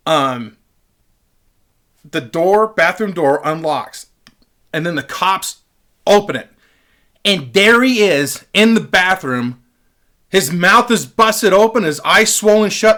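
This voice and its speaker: A man's voice: high voice, animated, normal speed, pushed and bright. A man casually telling a rambling, profane story straight to his webcam, with lots of fillers. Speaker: vlogger. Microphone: webcam picking up the mic closely.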